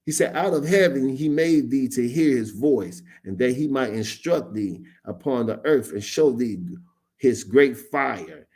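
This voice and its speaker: A man delivers a sermon, reading scripture aloud and then retelling it in casual street slang. His voice leaps high on emphatic words, and there's a slightly mellow quality to it.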